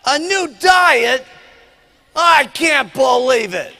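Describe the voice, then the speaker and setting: A man hamming up a yelling, scornful husband. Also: very high voice, animated, drawn-out words, voice pushed up, heavily acted. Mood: outraged. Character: loud crude middle-aged husband, mechanic. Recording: long hall reverb.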